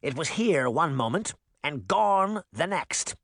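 A man's voice: fairly high pitch, big pitch swings, slow, fairly bright tone, no echo, clean studio sound, pitched above the performer's own voice, heavily acted. A man voicing Baba Yaga, a cranky, seething old witch woman who snaps and cackles, in a storybook reading. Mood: sly.

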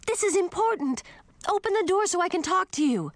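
A high, breathless young princess, earnest and urgent, her pitch leaping about in a storybook reading, as a woman puts her on. Dry, close sound. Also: lively intonation, a little fast, no echo. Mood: alarmed.

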